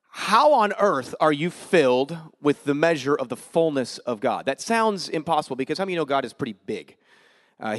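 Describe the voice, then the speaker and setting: A man giving a guest sermon in a church, casual and joking, with energetic preaching. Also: fairly high pitch, dry recording, clean studio sound. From Denver area, US. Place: church sanctuary.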